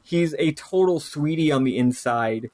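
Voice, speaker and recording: A man's voice: on the high side, measured pace, a little mellow, no room sound. A man co-hosting a podcast, chatting casually about a TV show, rambling with many fillers and restarts. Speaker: podcast co-host.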